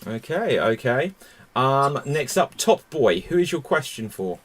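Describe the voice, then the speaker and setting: A man hosting a live online improv comedy show, brisk and amused, often repeating himself. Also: mid-range voice, very animated, crowd noise.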